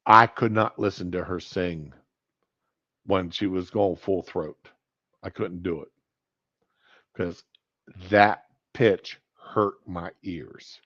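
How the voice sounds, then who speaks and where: A man's voice: low voice, slow pace, pauses often, fairly bright tone, no echo. A man in his fifties telling a rambling personal anecdote, correcting himself as he goes on a casual talk show. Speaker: podcast host. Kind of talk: casual storytelling monologue. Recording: dull lo-fi sound.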